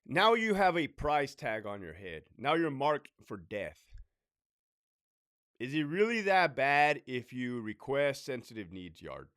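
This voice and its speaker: Blunt, profane former prison officer. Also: male voice, mid-range voice, very animated, unhurried, fairly bright tone, clear, resonant tone, no room sound, clean studio sound. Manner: blunt, profane, conversational, with frequent "right?" asides. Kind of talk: casual talk to camera.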